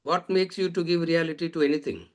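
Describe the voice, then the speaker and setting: A man's voice: on the high side, fairly even intonation, fast talker. A man teaching a lecture on scripture, repeating phrases and asking rhetorical questions. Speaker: Vedanta teacher.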